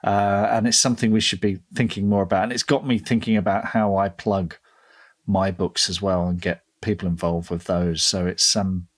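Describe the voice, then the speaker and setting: A man's voice: sits low, flat delivery, moderate pace. A man co-hosting a podcast, talking enthusiastically in casual chat and often restarting his sentences. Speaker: podcast co-host.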